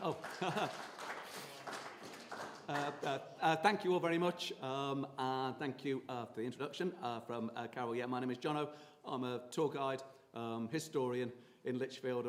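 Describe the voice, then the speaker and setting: A man from England, a tour guide and local historian, giving a chatty public talk full of fillers and anecdotes. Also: medium pitch. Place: meeting hall. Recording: reverberant hall from far off.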